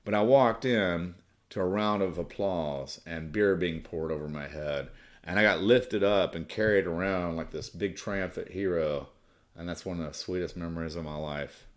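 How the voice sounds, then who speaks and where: A middle-aged American man with a lowish voice tells a raunchy personal story in a loose, rambling way. He swears freely and trails off with restarts as he talks to his podcast listeners. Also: moderate pace. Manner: crude, profane, rambling with restarts.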